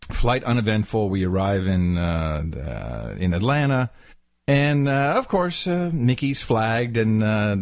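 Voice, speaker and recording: A man's voice: on the low side, no room sound. A man co-hosting a podcast, telling a travel story casually and acting out the people he quotes in mocking voices. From Netherlands. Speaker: podcast co-host.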